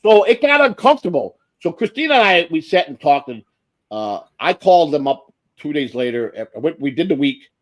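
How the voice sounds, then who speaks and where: A man's voice: on the high side, big pitch swings, fairly quick, no room sound. A man hosting a livestream, telling a long story in a profane, rambling way with lots of restarts. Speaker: livestream host.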